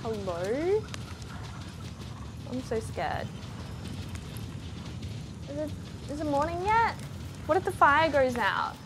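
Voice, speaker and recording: A woman narrates her VR game session in a jumpy, excitable way, often talking to herself. Her fairly high voice swoops up and down a great deal. Noisy game sound plays under her voice. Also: moderate pace. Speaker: VR gamer. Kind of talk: casual let's-play commentary.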